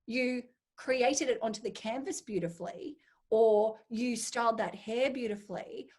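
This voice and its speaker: Her husky voice is on the high side, and she speaks at a measured pace. An Australian make-up artist, she's a lively interview guest in casual conversation, playing out inner voices as she recounts stories.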